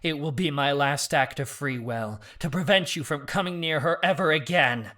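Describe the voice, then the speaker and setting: A man voicing a menacing male beast familiar who speaks in a low, threatening growl in an audiobook. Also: normal speed, pushed and bright.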